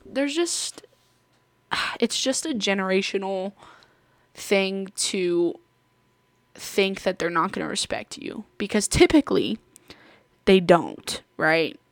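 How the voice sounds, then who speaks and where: A woman hosts her podcast in loose, rambling storytelling, laughing often as she goes. Her voice sits in an ordinary middle pitch and is recorded close on the mic in a dry room. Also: expressive, slow, long pauses, dry recording. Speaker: podcast host. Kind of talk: casual storytelling chat.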